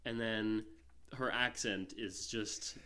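A man's voice: fairly low pitch, fairly even intonation, slow, pushed and bright, clear, resonant tone. A man co-hosting a casual film-review podcast, talking in a rambling way with lots of fillers and restarts. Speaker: podcast co-host.

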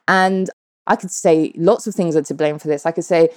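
A woman in her thirties, speaking to her viewers in a fairly low voice. The sound is dry and close, with no room around it. She tells her story bluntly and with lots of swearing. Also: moderate pace, no room sound. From United Kingdom. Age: 30s. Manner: animated, blunt and profane, addresses viewers directly. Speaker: vlogger. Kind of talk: candid personal storytelling.

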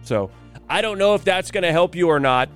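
A man's voice: high voice, animated, brisk, a bit bright, smooth, soft background music. A man hosting a morning radio show, chatting wryly through news items with offhand asides. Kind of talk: solo talk radio monologue.

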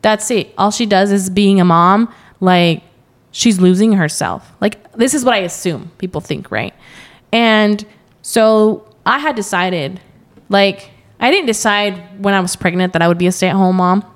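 A woman's voice: medium pitch, a little slow. A young adult woman chatting as a podcast guest, telling a story with lots of quoted asides and frequent laughter. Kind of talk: casual interview chat.

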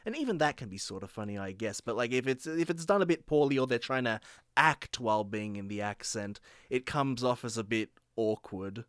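A man's voice: mid-range voice, expressive, a little fast, fairly bright tone, clear, resonant tone, dry recording, clean studio sound. A man co-hosting a casual film podcast, rambling and hesitant. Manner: rambling, hesitant, laughs often. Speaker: podcast co-host. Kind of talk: casual film review chat.

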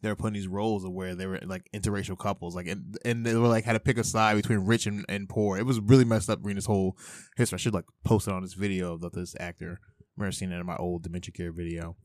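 A man's voice: sits low, fairly even intonation, quick pace, darkish tone, no echo, studio quality. A young man hosting a casual solo podcast, rambling and swearing as he talks to himself. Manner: rambling, profane, self-talking. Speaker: podcast host. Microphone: headphones with mic.

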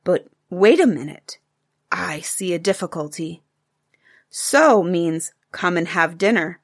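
A woman's voice: on the low side, animated, slow, heavily acted. A woman voicing a patient, playful cave-man father who explains things, in a storybook reading.

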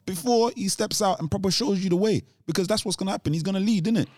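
A man's voice: sits high, quick pace, darkish tone, no echo, studio quality. A man chatting casually as a co-host, rambling off on tangents with lots of restarts and street slang. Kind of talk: casual chat.

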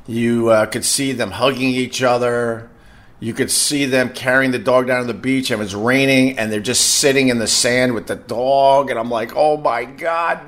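A middle-aged man tells a story in a loose, conversational way, often restarting and repeating words. His voice sits at an ordinary pitch for a man, neither deep nor high. He sounds like a podcast host chatting off the cuff. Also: fairly bright tone. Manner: rambling, repeats words while telling a story. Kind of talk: casual storytelling.

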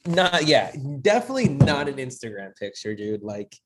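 A man's voice: medium pitch, sing-song, moderate pace, crowd noise. A man co-hosting a podcast, bantering casually with laughs and slang. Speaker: podcast co-host. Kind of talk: casual chat.

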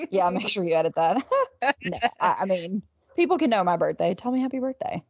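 Woman podcast co-host, 20s: blunt, dry humor, fry in the voice, close dead-dry mic. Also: medium pitch, lively intonation, moderate pace, a little mellow, no echo. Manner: dry, blunt, casually swearing. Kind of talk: casual comedic chat.

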